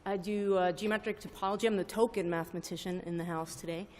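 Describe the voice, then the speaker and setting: A woman's voice: on the low side, steady tone, quick pace, darkish tone, slight background noise. A woman speaking as a panelist, explaining her work as a mathematician in a self-deprecating way. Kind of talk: panel discussion. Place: large conference hall. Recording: reverberant lecture hall.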